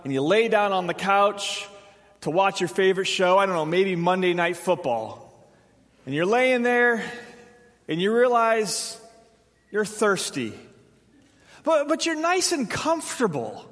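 A man's voice: sits high, measured pace, long pauses. A man preaching a sermon, telling stories with humor and acting out little asides. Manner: animated storytelling with humor and acted-out asides. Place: church sanctuary. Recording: long reverb of a large hall.

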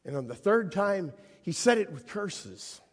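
A man delivers a sermon in a church, acting out each scene with dramatic storytelling. His voice sits high and swings widely up and down. The sound carries a long hall reverb. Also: big pitch swings, a little slow. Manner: dramatic storytelling, voicing the figures he quotes. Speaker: preacher.

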